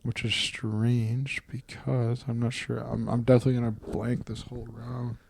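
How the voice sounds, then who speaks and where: A young man co-hosting a podcast, chatting casually and getting excited, with some swearing and jokes. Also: medium pitch, normal speed, gravelly, husky. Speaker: podcast co-host. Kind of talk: casual chat.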